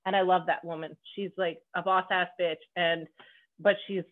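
A woman's voice: on the low side, fairly even intonation, moderate pace. A woman from Canada hosting a podcast in casual chat, bubbly and joking, swearing freely. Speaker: podcast host. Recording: phone-like narrow band.

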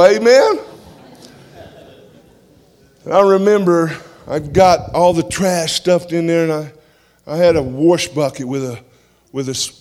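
A man giving a church testimony, telling his story in an animated way and punctuating it with "amen" as he speaks. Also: high voice.

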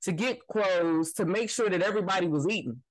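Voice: mid-range voice, brisk, no room sound, rough recording. Emphatic, profane podcast co-host, dry sound. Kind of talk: casual podcast chat.

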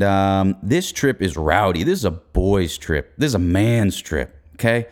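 A young man hosting a podcast, telling a comedic story in a casual, profane, laid-back way. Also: on the low side. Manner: profane, laid-back, laughs through his stories. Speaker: podcast host.

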